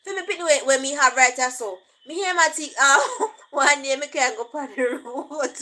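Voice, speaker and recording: A Jamaican woman talks in a loose, chatty monologue. Her voice sits high and sounds bright and clear. She drifts between plain English and patois and laughs as she goes. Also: normal speed, slight background noise, poor audio. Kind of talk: casual monologue.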